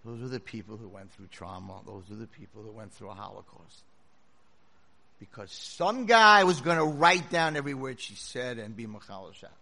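Bright, animated rabbi preaching. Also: male voice, medium pitch, gravelly, a little hiss or hum. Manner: dramatic storytelling, swings from hushed to shouting. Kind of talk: sermon. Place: lecture hall with audience.

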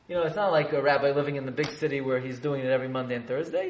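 Animated man teaching in an echoey room. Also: a little high, fast, few pauses. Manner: animated, joking asides with the audience. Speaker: religious teacher. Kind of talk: storytelling class. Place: room with a live audience. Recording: echoey room, faint background noise.

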